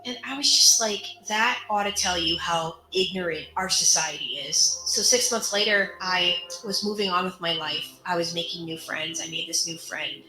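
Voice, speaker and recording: A woman's voice: medium pitch, pushed and bright, echoey room, a little hiss or hum, poor audio. A woman telling her own story of abuse in an earnest, emotional way, acting out what others said. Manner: earnest, emotional retelling with quoted dialogue. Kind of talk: personal storytelling.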